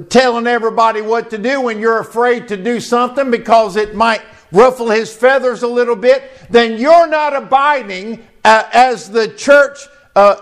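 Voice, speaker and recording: A man preaching a sermon as pastor, slow and emphatic, asking the congregation questions. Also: very high-pitched.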